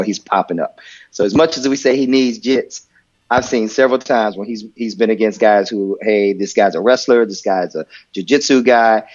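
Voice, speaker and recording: A man with a fairly low voice co-hosts a sports talk show and makes his points with earnest repetition. His recording sounds dull and lo-fi. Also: darkish tone. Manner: earnest, repeats words while building a point. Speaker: podcast co-host. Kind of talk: casual sports chat.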